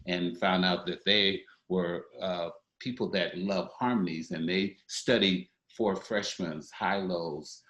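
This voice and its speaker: An older man speaking in a notably deep voice, a singer talking over his past work. He pauses and restarts as he thinks aloud. The room around him is echoey. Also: steady tone, fairly bright tone. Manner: reflective, with fillers and restarts. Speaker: guest singer. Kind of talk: interview conversation.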